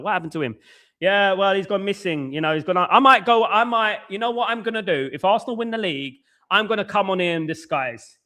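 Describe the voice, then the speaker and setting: A man's voice: a little high, fairly bright tone. A young man with a London accent, hosting a casual live stream and chatting with viewers in a rambling, teasing way. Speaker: host.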